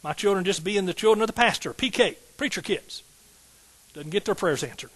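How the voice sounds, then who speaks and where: Emphatic pastor preaching. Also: male voice, sits high, fairly quick, husky, low-quality recording. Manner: emphatic, call-and-response preaching with rising outbursts. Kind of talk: sermon.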